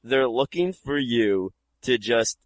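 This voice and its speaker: A man's voice: mid-range voice, lively intonation, slow, dry recording. A man co-hosting a podcast, giving emphatic opinions in casual chat. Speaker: podcast co-host.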